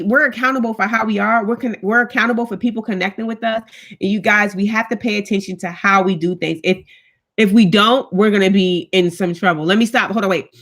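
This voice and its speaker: Woman, thirties, live-stream host; direct, hard-edged casual talk. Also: medium pitch. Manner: talks with her hands, blunt and animated, reads viewer comments. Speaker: vlogger, stay-at-home mom. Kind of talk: casual live chat with viewers.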